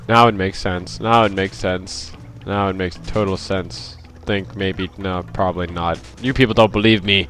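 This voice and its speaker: A man's voice: deep voice, steady tone, normal speed, few pauses, a bit bright, soft background music. A man giving casual, rambling, self-deprecating commentary while playing a video game and reading characters' lines aloud. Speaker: let's play host.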